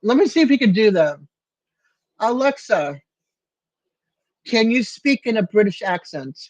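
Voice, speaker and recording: A man's voice: sits high, very animated, unhurried, no echo, highs cut off. An older man hosting a casual livestream from his apartment, answering viewers by name in a chatty way. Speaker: livestream host.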